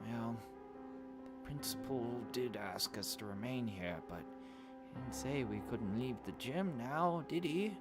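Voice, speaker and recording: Man doing a gentle old bird teacher. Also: medium pitch, expressive, over loud music, lightly acted. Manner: gentle, measured. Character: kind older male bird teacher.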